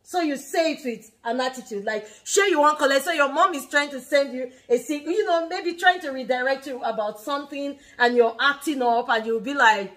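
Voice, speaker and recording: A Nigerian mother in her thirties hosts a family vlog, giving casual, teaching-style chat with lots of animation, frequent laughter, and restarted phrases. Her voice is high-pitched and fairly bright, and she talks fairly quickly with hardly any pauses.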